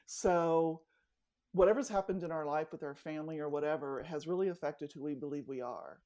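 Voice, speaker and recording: Speaking fairly quickly in a deep voice, this middle-aged woman life coach spins stories during a casual interview. She animates them by performing the dialogue she quotes.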